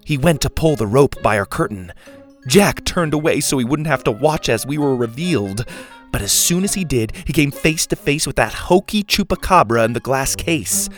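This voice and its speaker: A man narrating a children's story in a lively, expressive way. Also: medium pitch, normal speed, soft background music. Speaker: audiobook narrator.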